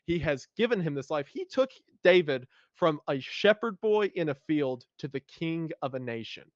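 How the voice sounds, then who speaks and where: A man's voice: a little high, animated, moderate pace, dry recording, dull audio. Emotional, fervent male podcast host. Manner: emotional, enthusiastic, reads scripture aloud with feeling. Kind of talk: casual discussion with scripture reading.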